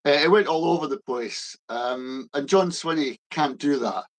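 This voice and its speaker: A Scottish man co-hosting a political discussion, blunt and emphatic, often halting and restarting. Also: fairly high pitch. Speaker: co-host.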